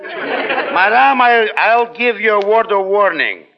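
A sneering Russian neighbor. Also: male voice, sits high, lively intonation, slow, creaky, a faint crowd, heavily acted. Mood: threatening. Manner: theatrical, mock-menacing threats. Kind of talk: 1940s radio comedy acting. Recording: dull old radio broadcast with hiss.

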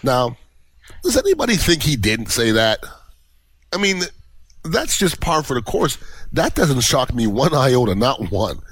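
A man's voice: mid-range voice, big pitch swings, unhurried, pauses often, a bit bright, husky, no room sound, poor audio. A male podcast host delivering a blunt, opinionated monologue full of rhetorical questions.

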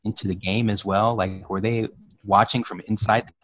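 A man's voice: fairly low pitch, flat delivery, moderate pace. A man in casual podcast chat, asking puzzled, hesitant questions.

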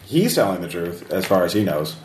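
A man acting as game master, chatting loosely, filling pauses with "uh" and laughing often. His pitch sits in an ordinary middle range. The room is echoey, with a faint hiss behind. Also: very animated. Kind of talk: running a tabletop game, casual.

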